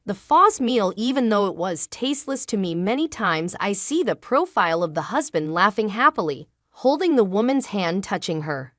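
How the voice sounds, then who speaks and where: A woman telling a first-person family drama story in an emotional way, sometimes halting and repeating herself. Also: mid-range voice, big pitch swings, a bit bright, no room sound, studio quality. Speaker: narrator.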